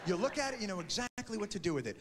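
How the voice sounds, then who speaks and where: A man in his thirties performing a stand-up comedy routine, quickly acting out characters in put-on voices. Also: high-pitched, very animated. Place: large theater before a live audience. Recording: live stage recording in a reverberant hall with crowd noise.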